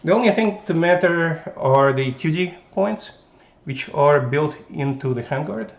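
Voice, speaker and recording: Russian-accented male gun-channel host, slightly raised pitch, halting deliberate delivery, echoey room. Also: lively intonation, creaky. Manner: halting, deliberate, restarts mid-phrase. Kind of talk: casual gun show-and-tell. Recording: roomy echo.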